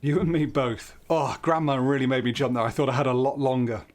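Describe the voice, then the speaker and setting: A man's voice: mid-range voice, steady tone, brisk. A man talking through a horror game as he plays, joking, jumpy and swearing when something startles him. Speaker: gaming channel host. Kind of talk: horror game let's play commentary.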